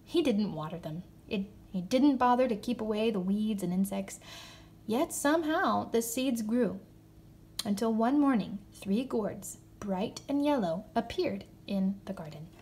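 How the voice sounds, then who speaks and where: A woman reading a children's story aloud in an expressive voice, slowing down for emphasis. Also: mid-range voice. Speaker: narrator.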